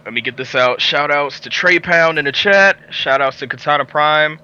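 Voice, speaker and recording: Bright-voiced guest man, lo-fi call audio. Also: on the high side, normal speed, smooth. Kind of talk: casual podcast chat.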